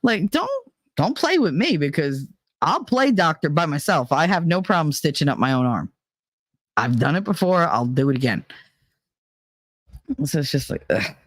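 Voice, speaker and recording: A woman's voice: sits low, big pitch swings, moderate pace, long pauses, no echo, studio quality. A woman hosting a podcast, talking through a candid, casual monologue in a blunt, profane way, laughing often as she tells her stories. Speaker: podcast host.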